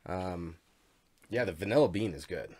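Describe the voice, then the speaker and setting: A man co-hosting a podcast, talking in a rambling, halting way with frequent restarts. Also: low voice, expressive, a little mellow. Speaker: podcast co-host. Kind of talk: casual chat.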